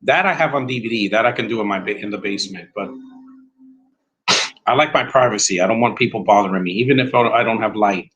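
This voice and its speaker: A man's voice: on the low side, fast, fairly bright tone, highs cut off. A man giving a rambling, blunt, opinionated live commentary while watching a movie at home.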